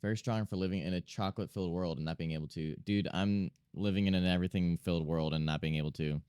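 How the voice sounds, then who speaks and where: Low-voiced man rambling on stream. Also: fast talker, hardly any pauses, darkish tone, smooth, no room sound, studio quality. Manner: rambling, self-mocking, talks to himself and chat. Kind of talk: casual chat while drawing on stream.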